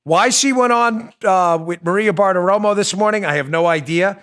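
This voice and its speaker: Male political talk host, slightly high voice, heated and sarcastic, hammers each point by repeating it. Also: normal speed, a bit bright. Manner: emphatic, repeats points for stress. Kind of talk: opinionated political monologue.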